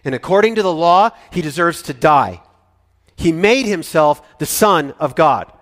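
A furious, shouting crowd of male priests, put on by one male reader, pitched high and very loud above his usual voice. The long reverb of a large hall rings after each cry. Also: animated, a little slow. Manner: shouting, forceful.

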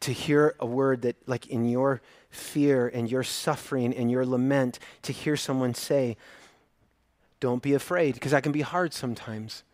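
A male pastor preaching a sermon, earnest, swinging from emphatic to hushed and intimate. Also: medium pitch, fairly even intonation, moderate pace, hardly any pauses, no echo.

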